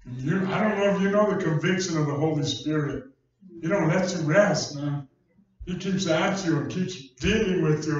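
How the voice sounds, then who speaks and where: A man preaching a sermon, telling a personal story in a folksy, conversational way. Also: a little high. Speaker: pastor. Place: church hall. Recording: distant echoey church recording, dull sound.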